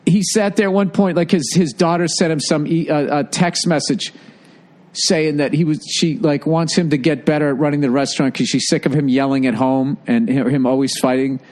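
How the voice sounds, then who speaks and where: Profane, animated male storyteller. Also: on the high side, fairly quick. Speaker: podcast co-host. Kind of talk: casual chat.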